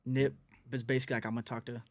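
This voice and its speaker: Relaxed man in casual interview. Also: medium pitch, very fast, dry recording. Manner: relaxed, conversational, laughs often. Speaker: music executive guest.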